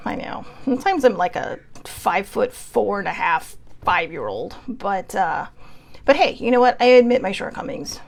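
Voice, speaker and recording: Woman hosting a laid-back stream, rambly and self-mocking, kinda gravelly voice. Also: mid-range voice, lively intonation, unhurried. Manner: chatty, rambling, self-deprecating with frequent laughs. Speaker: host. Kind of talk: casual livestream chat.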